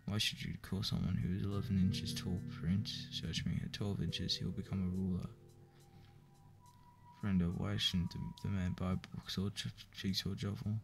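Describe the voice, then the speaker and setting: A man reading a joke book aloud in a flat, weary way, with profane asides. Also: sits low, moderate pace. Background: clear background music.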